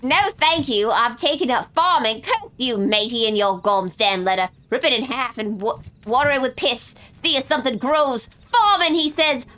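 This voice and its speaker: Foul-mouthed pirate captain as a woman puts her on, bright voice, highish, coarse pirate slang, reading game lines. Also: moderate pace, hardly any pauses. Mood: gruff. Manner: coarse old-timey pirate slang, stumbling reads. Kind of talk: reading game quest dialogue aloud in character.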